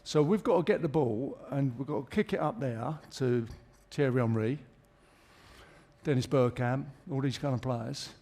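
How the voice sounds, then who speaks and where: A man's voice: mid-range voice, normal speed, mellow. Middle-aged man telling stories on stage. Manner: chatty anecdotal storyteller, jokes and chuckles. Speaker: guest. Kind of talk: live on-stage interview. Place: theatre stage.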